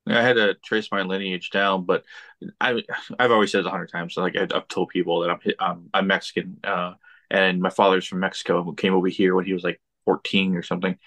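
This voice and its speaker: A man's voice: low-pitched, a little fast. A man from Texas with a slight Southern accent, chatting animatedly as a podcast guest. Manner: animated, repeats words when getting started. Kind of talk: casual chat.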